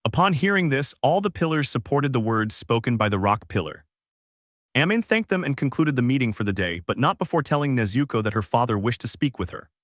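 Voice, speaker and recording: Man, fanfic narrator, scripted narration, flat even read, mid pitch, dry. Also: fairly quick, dry recording.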